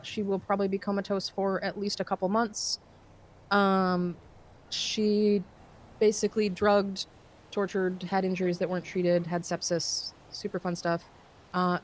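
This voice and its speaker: A woman at a medium pitch, giving a long, casual recap during a roleplay game. She rambles and restarts her sentences, dropping in swear words and plenty of "uh" and "um".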